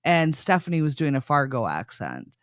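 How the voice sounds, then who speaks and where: A woman's voice: low voice, big pitch swings, moderate pace, clear, resonant tone, no room sound, clean studio sound. A woman from Minnesota with a Minnesota accent, co-hosting a podcast in casual, rambling chat. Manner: rambling, self-interrupting storytelling with frequent laughs. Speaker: podcast co-host.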